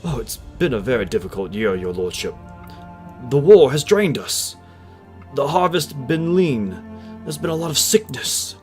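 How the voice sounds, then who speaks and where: A man's voice: medium pitch, very animated, unhurried, a little mellow, faint music behind, pitched above the performer's own voice. A man voicing a nervous, fawning male village burgomaster who makes excuses to his lord. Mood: pleading. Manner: pleading, excuse-making.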